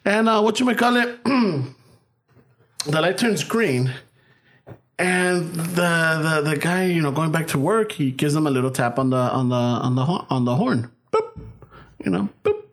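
A man tells a story among friends, animated and loose with his swearing. His voice sits a touch high, and he slides between English and Spanish mid-sentence. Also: unhurried. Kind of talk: casual chat, storytelling.

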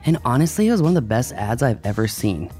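A man's voice: mid-range voice, big pitch swings, fast, warm tone, soft background music. Upbeat, rambling male podcast host. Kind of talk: casual podcast chat.

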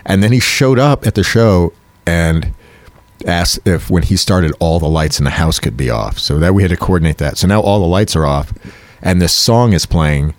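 Man, very deep voice, lively storyteller who plays the people in his stories, dry sound. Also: moderate pace, dry recording. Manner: animated storyteller, acts out quoted voices. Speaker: comedy show host. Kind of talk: casual storytelling chat.

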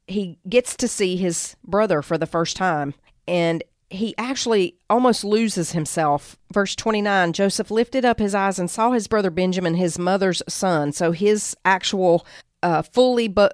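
A woman's voice: lowish voice, no room sound, studio quality. A woman podcast host retelling a Bible story in a conversational teaching style, reading quoted lines and adding asides.

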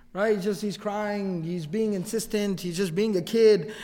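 A man's voice: high-pitched, steady tone, fast, few pauses. A man telling a religious story as a lecture, acting out the quoted speech and dropping in Arabic phrases. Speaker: Islamic lecturer. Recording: long hall reverb.

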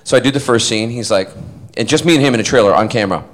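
A man born in Scotland tells a rambling, animated anecdote to fans at a convention panel. He acts out the voices in his story and laughs often. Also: medium pitch, racing, poor audio. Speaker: actor telling a story to fans.

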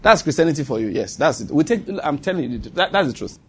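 A man's voice: on the high side, big pitch swings, quick pace, breathy edge. A man preaching a sermon, earnest, teasing and exhorting.

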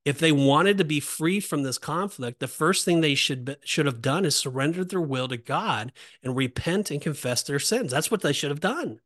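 Man, Bible teaching, emphatic and repetitive, slightly high pitch. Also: animated, moderate pace, hardly any pauses, fairly bright tone. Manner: emphatic, repetitive, rising on exhortations. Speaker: podcast host.

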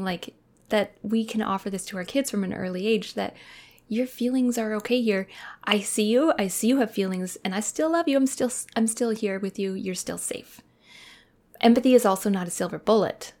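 Earnest thirtysomething woman podcasting casually, reflective, keeps dropping to a soft whisper. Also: medium pitch, moderate pace. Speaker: podcast host.

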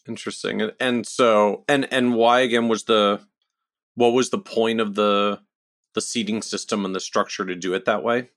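Low-voiced male podcast interviewer. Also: fairly even intonation, moderate pace, fairly bright tone, no room sound, studio quality.

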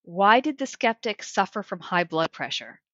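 A woman's voice: mid-range voice, big pitch swings, normal speed, a bit bright, no room sound, muffled recording. A woman from Minnesota, a researcher guest on a podcast, chatting in a playful way. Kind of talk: casual podcast chat.

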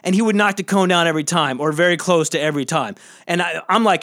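Fast-talking high-voiced male comedian. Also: a bit bright. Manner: rambling, emphatic, acts out quoted people. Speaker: comedian and podcast host. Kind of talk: solo podcast rant.

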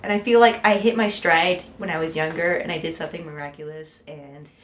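A woman's voice: low voice, steady tone, fairly quick, reverberant, slight background noise. A woman player introducing her game character, hesitant with many ums.

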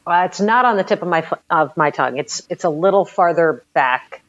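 A woman guest in a tabletop game, making relaxed, brief comments. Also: lowish voice, a little fast, muffled recording. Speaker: guest player.

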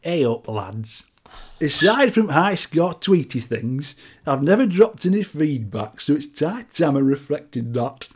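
A man's voice: on the high side, sing-song, a little slow, slightly rough, heavily acted. A man voicing an elderly Yorkshire pensioner in his eighties, reading out a fan letter in a drawling, folksy way. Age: 80s.

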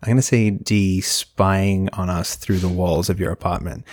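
A man's voice: sits low, fairly even intonation, darkish tone, no room sound, studio quality. A man co-hosting a podcast, cracking jokes in a casual chat. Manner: joking, quick wisecracks. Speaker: podcast co-host.

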